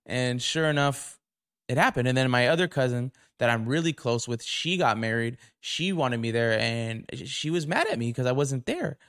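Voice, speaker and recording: A young podcast host tells stories into a camera mic in a casual, profane and indignant rant. His mid-range voice is a bit bright, with lively intonation at a normal speed.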